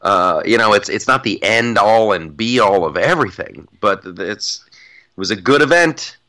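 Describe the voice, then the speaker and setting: On a podcast, a male co-host with a lowish, expressive voice chats casually about politics at a moderate pace, his delivery pushed and bright. He's emphatic and mock-boastful, repeating his punchlines for effect.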